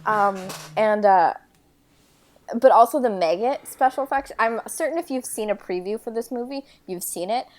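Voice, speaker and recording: A woman co-hosting a casual movie podcast, with a dry, deadpan delivery. She backs up her partner with steady agreement and mocks the film's cheap effects. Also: on the high side, moderate pace. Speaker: podcast co-host. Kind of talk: casual movie-recap chat.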